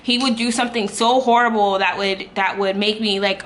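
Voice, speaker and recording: A woman's voice: mid-range voice, steady tone, moderate pace, a bit bright. A young woman vlogger telling a personal story in casual chat, candid and rambling, with many fillers and restarts.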